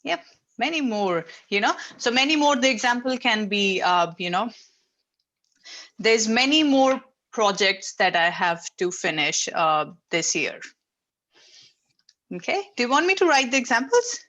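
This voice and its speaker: A woman's voice: a little high, expressive, measured pace, sharp tone. A woman teaching an English class over a video call, explaining patiently step by step with frequent fillers. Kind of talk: online class instruction.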